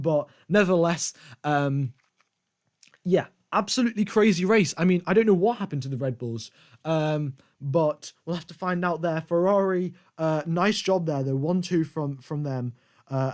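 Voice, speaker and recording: A man's voice: a little high, darkish tone. A man hosting a casual live stream, giving rambling, conversational race commentary and thanking his viewers.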